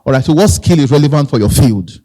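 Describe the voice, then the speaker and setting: Speaking fast and with animation, a man with a Nigerian accent delivers a live motivational talk in a medium-pitched, dark-toned voice. His style is conversational: he repeats phrases and asks his audience questions.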